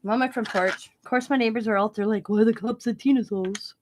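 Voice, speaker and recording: A middle-aged woman casually telling a story as host of her own channel, animated and informal, often laughing at her own tale. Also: fairly high pitch, fairly quick.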